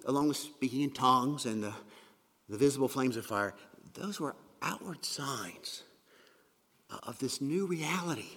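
Man as earnest pastor, slightly high voice, sermon delivery with loud emphasis and quiet drops, long hall reverb.

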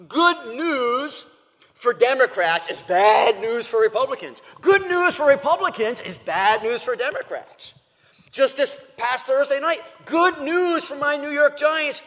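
Guy preaching a sermon, pitch jumps all over, lots of emphatic repeats. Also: in a large hall. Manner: emphatic, animated preaching with repetitions. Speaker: pastor.

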